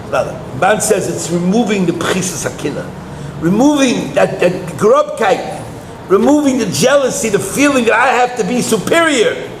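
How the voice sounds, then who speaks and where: A man's voice: high-pitched, roomy sound, slight background noise, rough recording. A man giving a Torah lecture as a rabbi, telling personal stories and acting out the dialogue with animation. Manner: animated storytelling, acts out dialogue, laughs often.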